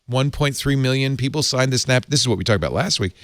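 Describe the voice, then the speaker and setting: A man hosting a casual tech panel show, joking and playful, quick to laugh. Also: medium pitch, a bit bright, no echo, studio quality. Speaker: podcast host.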